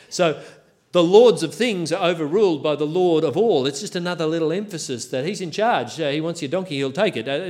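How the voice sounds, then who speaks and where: A man's voice: fairly high pitch, a little mellow. A man preaching a sermon, walking through a Bible passage with wry, self-deprecating humour.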